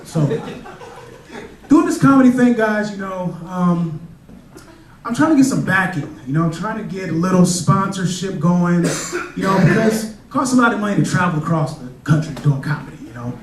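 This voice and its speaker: On a comedy club stage, a man with a high, lively voice delivers a casual stand-up set at a brisk clip, telling stories in a loose, conversational style. The club is echoey, the mic is distant, and the crowd can be heard laughing.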